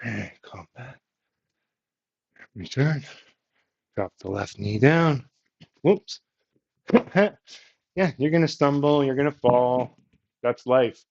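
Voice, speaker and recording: A man leading a yoga workout with calm, encouraging step-by-step cues. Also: mid-range voice, slow, gravelly, long pauses. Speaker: yoga instructor. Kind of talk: guided workout instruction. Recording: slightly muffled, lo-fi audio.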